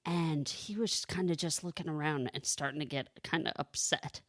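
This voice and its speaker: A woman's voice: low-pitched, moderate pace, no room sound, clean studio sound. A woman co-hosting a podcast, telling a family story in casual chat with lots of fillers. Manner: chatty storyteller, many fillers. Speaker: podcast co-host.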